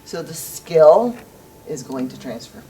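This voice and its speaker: A woman's voice: low-pitched, animated, slow pace, warm tone, slight background noise. A woman educator reassuring parents in a casual, encouraging and playful way. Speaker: school educator. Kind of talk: casual group discussion. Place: school meeting room. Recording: voice picked up from a distance.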